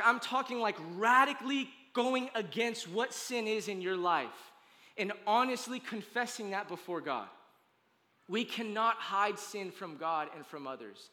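A man serves as pastor, delivering a sermon in a bright, high voice. He talks casually and emphatically, with slang and quick restarts. The sanctuary around him adds a long, ringing reverb. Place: church sanctuary.

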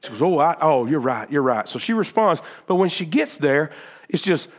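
Animated preacher man, raised pitch. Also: moderate pace. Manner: animated, acts out Bible figures' words in quoted speech; swings from loud emphatic peaks to quiet low explaining. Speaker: pastor. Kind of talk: sermon.

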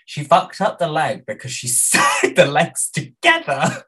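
British co-host, husky, lively pitch, blunt and sweary. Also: measured pace. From Britain. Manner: blunt, swearing, hesitant restarts. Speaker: podcast co-host. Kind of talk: casual chat.

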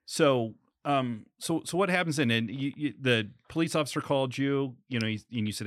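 A man hosting a podcast interview, asking probing questions and restating facts to make them clear. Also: medium pitch, moderate pace, few pauses, no echo, studio quality.

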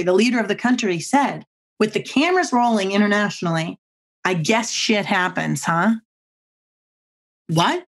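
A woman guest on a podcast, mid-pitched and expressive. She tells stories with emphasis, repeats her own catchphrases, and jumps high in pitch when she quotes others. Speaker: guest speaker on body language. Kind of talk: animated storytelling on a podcast.

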